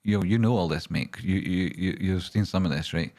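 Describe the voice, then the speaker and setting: Low-voiced man ranting on a livestream. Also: moderate pace, darkish tone. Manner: ranting and swearing, then rambling while walking through charts. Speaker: livestream host and stock chart analyst. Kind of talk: casual livestream chat, reading viewer questions.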